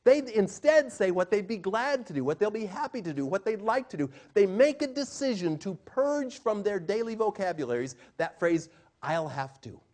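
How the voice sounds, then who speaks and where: A middle-aged man, a communication trainer, giving an animated live seminar talk to a room and acting out quotes in changing voices. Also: high-pitched, moderate pace.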